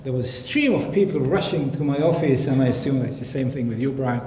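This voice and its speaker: A man on a public panel telling a story in an animated way, acting out phone calls in different voices. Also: medium pitch, fairly quick. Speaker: panel guest, scientist. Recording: echoey hall, faint noise.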